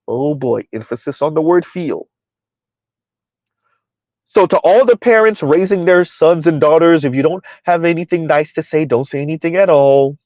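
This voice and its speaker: Here a man hosts a relaxed commentary stream in a voice on the high side with a darkish tone. Rhetorical questions drive his arguments, he keeps saying "who would have ever thought" and "right? huh?", talks of himself in third person, and replies to chat. No room sound, and the highs are cut off.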